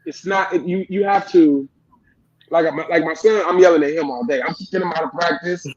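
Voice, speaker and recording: A youth football coach in his late thirties, appearing as a guest in a casual interview, talks animatedly with a slightly high voice a bit fast. He rambles with lots of restarts, and the audio has no room sound but the highs are cut off.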